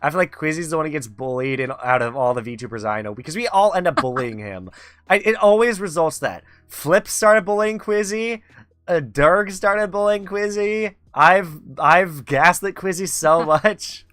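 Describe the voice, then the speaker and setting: A man's voice: fairly high pitch, lively intonation, normal speed, a bit bright, dry recording. A man hosting a casual talk show, teasing his guest and laughing often. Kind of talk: casual chat. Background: faint background music.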